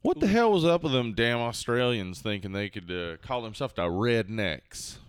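A man's voice: medium pitch, lively intonation, moderate pace, smooth, pitched below the performer's own voice, close to an everyday voice. A man voicing a boastful rural redneck, drawling in a put-on Southern US accent. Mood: folksy.

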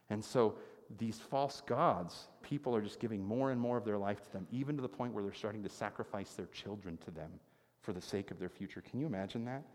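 A man's voice: lowish voice, a little mellow. Man preaching a sermon in a reverberant hall. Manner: conversational storytelling, asks listeners questions. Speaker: pastor.

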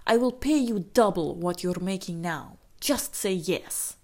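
A woman's voice: lowish voice, animated, measured pace, darkish tone. A woman doing a pushy rich man with a put-on accent. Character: wealthy pleading man with a put-on foreign accent.

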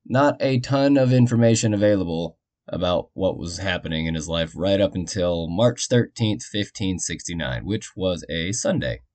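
Laid-back male podcast host, lowish voice, jokey history narration with muttered asides. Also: normal speed, a little mellow. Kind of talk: casual storytelling narration.

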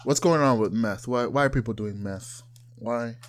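A young man with a medium-pitched voice at normal speed co-hosts a podcast in casual chat. He's loose, joking, and crude, an animated storyteller.

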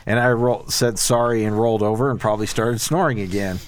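A man's voice: lowish voice, steady tone, brisk, clean tone. A man co-hosting a casual talk about faith, recovery and marriage, who speaks earnestly and a bit preachily in long explanatory stretches. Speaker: podcast co-host.

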